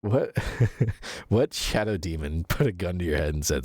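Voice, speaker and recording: A man streams a game, chatting casually with viewers, reading their messages aloud, laughing often and swearing casually amid lots of fillers and self-corrections. His bass voice is slow and creaky with big pitch swings, long pauses, a little mellow with a breathy edge, in clean studio sound with no echo.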